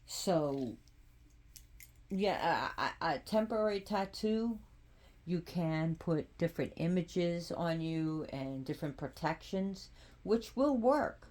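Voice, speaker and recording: A woman talks through spiritual cards in a relaxed, casual vlog. She speaks slowly and haltingly, restarting her phrases often. Her voice sits on the lower side for a woman. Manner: unhurried and halting, with frequent restarts. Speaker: spiritual practitioner presenting oracle cards.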